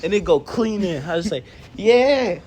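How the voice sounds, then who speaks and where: High-voiced man telling a slangy story. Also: moderate pace, a little hiss or hum. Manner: animated and slangy, acts out quoted lines and laughs often. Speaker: co-host telling a fan story. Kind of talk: casual improvised storytelling.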